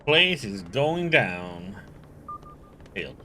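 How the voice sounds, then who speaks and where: A man's voice: lowish voice, very animated, drawn-out words, sharp tone, a little hiss or hum. A man playing a video game, casually reading its narration aloud. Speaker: game streamer.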